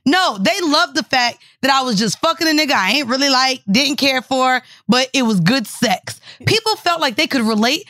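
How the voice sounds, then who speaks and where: A woman in her thirties with a high, bright-toned voice, chatting bluntly and crudely as a podcast co-host. She tells stories with frank, profane humor. The sound is close and dry, with no room around it. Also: animated, normal speed, hardly any pauses, no room sound. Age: 30s. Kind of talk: casual chat.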